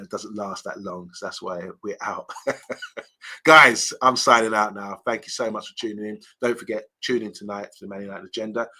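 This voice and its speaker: A man's voice: fairly low pitch, pushed and bright, husky. A man hosting a casual fan live stream, chatting loosely and reading out viewer comments with lots of ums and restarts.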